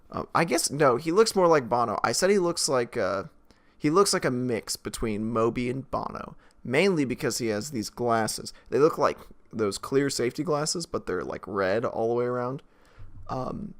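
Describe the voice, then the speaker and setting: Man, mid-pitched, rambling film-review chat, filler-heavy, chuckling. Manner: rambling, many filler likes, laughs as he talks. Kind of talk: casual spoken movie review.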